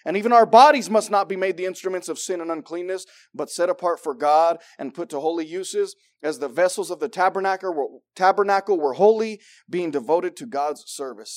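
A man preaching with a fairly high voice. He swings between shouting excitement and near-whispered intensity. He acts out little voices to make his point as he reads and explains scripture. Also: a little fast, hardly any pauses. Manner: acts out voices of God and believers. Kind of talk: sermon.

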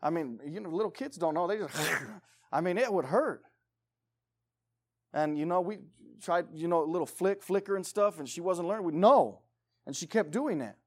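A man preaching a sermon as pastor, emphatic, swinging between loud urging and quiet pleading. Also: sits high, expressive, normal speed, slightly rough.

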